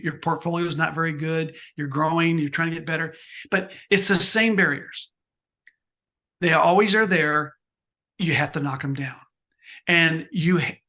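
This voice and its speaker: A man's voice: a little high, sharp tone. A man in his sixties, a photographer answering interview questions with emphatic motivational advice, often repeating and restarting his phrases.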